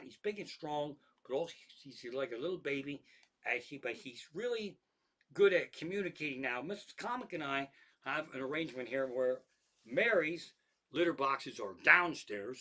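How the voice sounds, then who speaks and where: Bright-voiced profane comedian telling stories. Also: male voice, a little high. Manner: profane, rambling, lots of restarts, animated. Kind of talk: stand-up style storytelling monologue.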